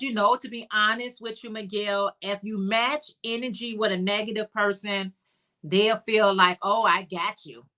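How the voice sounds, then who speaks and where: Woman, Chicago accent, livestream host; bright, chatty, upbeat delivery reading viewer comments. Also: mid-range voice. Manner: chatty and upbeat, greets viewers by name, calls them honey.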